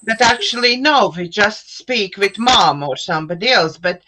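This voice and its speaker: A middle-aged woman with an Eastern European accent, hosting a live online chat show over a video call and speaking slowly, searching for words with many fillers and restarts. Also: medium pitch, animated, background noise. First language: an Eastern European language. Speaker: host.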